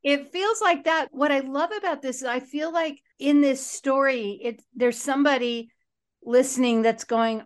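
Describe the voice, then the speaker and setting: Woman hosting a podcast, higher voice, thoughtful and encouraging. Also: normal speed. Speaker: podcast host and recovery coach trainer. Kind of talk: conversational interviewing.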